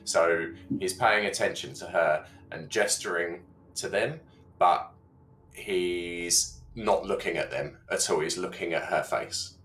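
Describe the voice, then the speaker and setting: A man's voice: deep voice, slow pace, fairly bright tone, roomy sound, poor audio. A man playing in a tabletop game, thoughtfully explaining what his character intends. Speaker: player.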